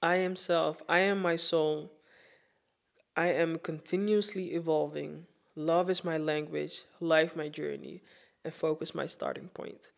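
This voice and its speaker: Woman host, gravelly fry, sincere reflective delivery, reads her own piece. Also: deep voice, steady tone. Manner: earnest, reflective, with pauses and restarts. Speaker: host sharing a Women's Day message. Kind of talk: heartfelt personal talk and reading.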